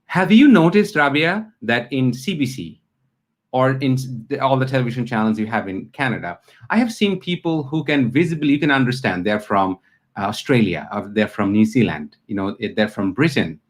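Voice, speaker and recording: A middle-aged man with a Bangladeshi accent hosting an interview, talking in an impassioned, animated way with many fillers and restarts. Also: mid-range voice, moderate pace. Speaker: interview host. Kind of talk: conversational interview.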